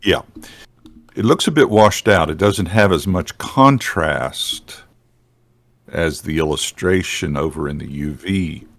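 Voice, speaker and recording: A man joining a software tutorial, asking questions and giving short replies. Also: low-pitched, slow, no echo. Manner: brief affirmations, questioning. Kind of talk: casual tutorial chat.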